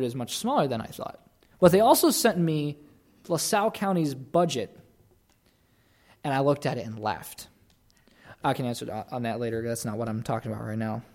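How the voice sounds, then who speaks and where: A man's voice: a little high, a little mellow. A young man preaching a sermon in an earnest, conversational way, acting out the voices he quotes.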